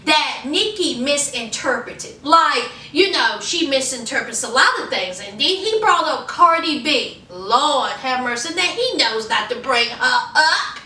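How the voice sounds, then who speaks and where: Woman vlogger, bright and unhurried gossip drawl, roomy off-mic sound. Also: sits high, lively intonation, distant mic, slight background noise. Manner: chatty, drawling, addresses viewers as honey and y'all. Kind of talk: casual celebrity gossip.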